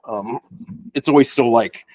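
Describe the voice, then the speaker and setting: A man's voice: mid-range voice, a little slow, a little mellow, dry recording. A young man co-hosting a podcast, chatting casually about a film, rambling and restarting his sentences with the odd profane aside. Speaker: podcast co-host. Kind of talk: casual film review chat.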